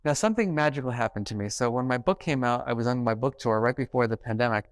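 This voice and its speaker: Animated man giving a conference talk. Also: mid-range voice, quick pace, clean tone, no echo. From New York. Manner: animated, acts out quoted dialogue. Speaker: keynote speaker. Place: conference stage.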